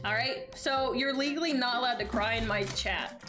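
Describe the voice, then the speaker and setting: Faint game music underscores a young woman's gaming stream, where she talks playfully and dramatically to her chat and thanks those who follow. Her voice is fairly high and fairly bright, and she speaks fairly quickly.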